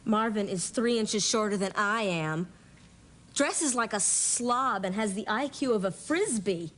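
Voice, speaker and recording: A woman's voice: mid-range voice, expressive, a little slow, natural voice. Woman playing a wry, self-mocking teenage girl. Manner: dry, self-deprecating quips. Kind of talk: 1980s sitcom acting. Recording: noisy old TV sitcom audio.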